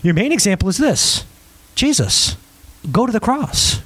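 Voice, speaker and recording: A middle-aged man preaching a sermon, animated and joking, with big swings between high and low. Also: normal speed, slightly rough, no echo. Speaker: pastor.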